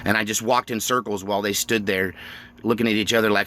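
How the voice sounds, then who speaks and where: A middle-aged man vlogging, telling stories in an animated, emphatic way and laughing often. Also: on the low side, quick pace. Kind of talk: casual storytelling monologue.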